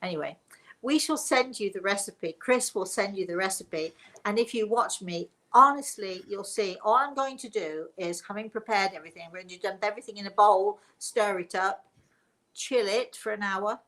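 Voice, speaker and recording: A woman's voice: mid-range voice, normal speed, fairly bright tone, rough recording. An older woman chats off the cuff, her stories running on and doubling back. She laughs easily as she goes. Her voice comes through a computer mic on a live stream. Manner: chatty and rambling, laughing often. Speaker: host, spiritual medium and author. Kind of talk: casual live-stream chat.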